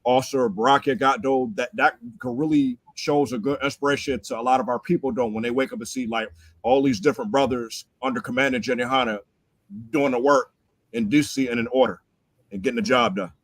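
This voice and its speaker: A man's voice: mid-range voice, steady tone, a little fast, no echo. A man speaking earnestly in a casual chat, with many hesitations.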